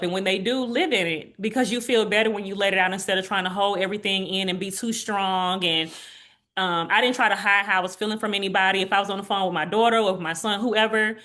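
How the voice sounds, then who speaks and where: A woman in her forties, an interview guest, sharing a heartfelt personal testimony in an earnest way and turning animated when she quotes others. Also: medium pitch. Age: 40s.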